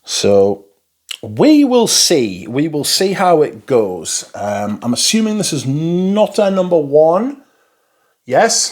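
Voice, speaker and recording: A man's voice: on the high side, darkish tone. A man from Newcastle, rambling casually to camera as a fragrance reviewer, swearing freely and calling viewers his friends. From Newcastle, England.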